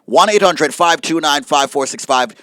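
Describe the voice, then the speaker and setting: A man co-hosting a radio show, reading out the phone number and teasing his co-host in playful, energetic banter. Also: fairly high pitch, moderate pace, no room sound.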